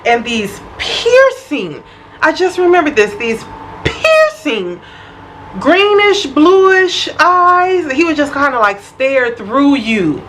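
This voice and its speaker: A young woman vlogger telling a personal story in an animated, expressive, casual way. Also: sits high, slow, a little hiss or hum, rough recording. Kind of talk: storytime vlog.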